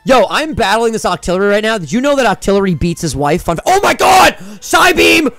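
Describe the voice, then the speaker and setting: A young man with a high, dry, close voice chatters excitedly while playing a video game. He jokes, yelps and slips into sing-song bits, with faint game music behind him. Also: quick pace, gravelly, no echo. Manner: excitable, jokey, bursts into loud laughs and sing-song. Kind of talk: casual gaming commentary.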